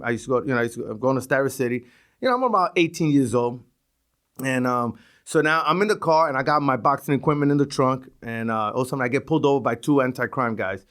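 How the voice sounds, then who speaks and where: A middle-aged man with a New York accent, telling stories on a podcast and acting out the voices of the people in them. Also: medium pitch. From East New York, Brooklyn. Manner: animated, acts out voices in his stories, swears. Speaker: podcast guest. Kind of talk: casual storytelling.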